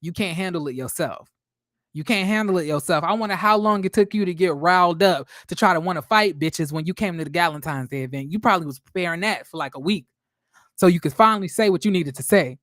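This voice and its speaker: A man's voice: high voice, quick pace, fairly bright tone, dry recording, studio quality. A man giving casual, sassy, blunt commentary on a reality show, full of profanity and fillers. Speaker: reality TV recap vlogger.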